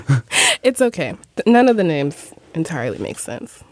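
A woman's voice: low-pitched, very animated, moderate pace, slight background noise. A woman in casual podcast chat, candid and blunt, laughing often. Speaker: podcast panelist.

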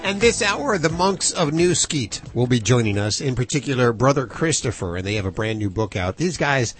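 A man's voice: medium pitch, animated, moderate pace, faint music behind. A man hosting a radio talk show, jokey and conversational. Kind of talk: casual radio chat.

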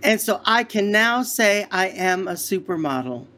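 A man's voice: high-pitched, expressive, measured pace, bright, forceful tone, a little hiss or hum. A man from San Antonio, Texas, a celebrity impressionist, telling stories as an interview guest in a breezy, self-mocking way. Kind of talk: casual interview chat.

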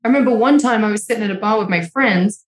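A woman's voice: mid-range voice, fast. A young woman, a podcast guest, telling a personal story in a candid way, swearing often and filling her talk with "like". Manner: emotional, swears freely, many "like" fillers. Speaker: interview guest. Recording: echoey room sound.

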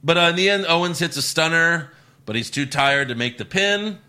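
A man's voice: on the high side, expressive, brisk, bright, forceful tone. A man co-hosting a casual chat podcast, recapping events in a loose, jokey way. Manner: loose, laughing, jokey recapping with put-on voices. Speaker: podcast co-host recapping wrestling.

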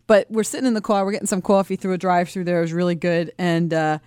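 A woman with a New York accent chatting on a talk radio show, telling animated stories. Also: fairly low pitch, quick pace, clear, resonant tone, no echo, studio quality.

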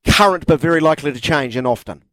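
Teasing New radio sports host. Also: male voice, a little high, pushed and bright, no room sound. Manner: teasing, quick to jump in. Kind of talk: casual sports radio banter and headlines. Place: radio studio. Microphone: studio microphone.

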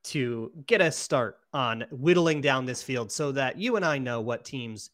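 A man's voice: medium pitch, animated, measured pace, a bit bright. Wry man hosting a sports podcast. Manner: steering the conversation, wry and teasing. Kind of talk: casual sports chat.

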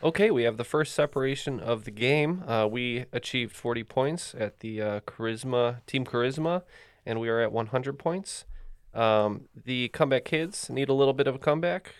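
A man's voice: medium pitch, normal speed, no room sound, clean studio sound. A man co-hosting a trivia podcast, joking and keeping score in casual chat.

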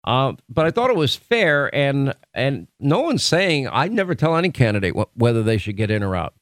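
A man's voice: medium pitch, very animated, normal speed, dry recording, studio quality. A man hosting a talk radio show, giving an opinionated monologue in a conversational, emphatic way with frequent restarts. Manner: conversational, emphatic, self-correcting. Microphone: studio microphone.

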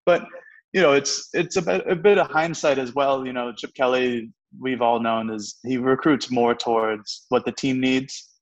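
A young man co-hosts a relaxed sports chat, taking his time with fillers and restarts. His voice comes through a muffled, lo-fi connection, and his pitch sits in an ordinary middle range. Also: normal speed. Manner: easygoing, hesitant with fillers. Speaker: co-host. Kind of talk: casual sports talk.

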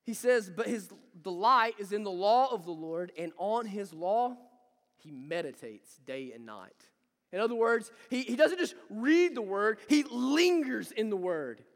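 A man's voice: high-pitched, big pitch swings, a little slow, long reverb tail. A man preaching a sermon, emphatic and repetitive, building intensity as he talks.

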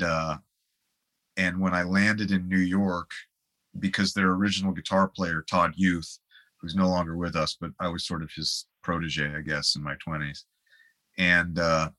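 A man's voice: sits low, pushed and bright. A man, a guest musician, telling rambling anecdotes in a casual interview and laughing along the way.

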